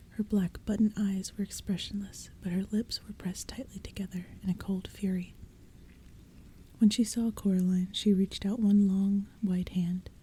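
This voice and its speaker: A woman reading a storybook aloud as whispered role-play, in a soft, hushed, mostly unvoiced whisper, with faint rain behind her. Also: medium pitch, a little hiss or hum. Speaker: ASMR audiobook reader. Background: soft rain and thunder.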